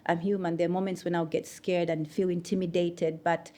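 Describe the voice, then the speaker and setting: A woman, a news anchor telling her story with lively energy as an interview guest. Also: on the low side, brisk. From Zambia. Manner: animated, lively anecdotes.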